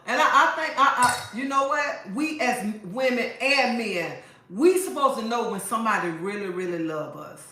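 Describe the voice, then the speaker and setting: A woman's voice: on the high side, expressive, normal speed, pushed and bright. A woman giving frank, emphatic advice to her live-stream viewers, repeating lines for effect. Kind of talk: casual advice talk to viewers. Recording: very echoey room.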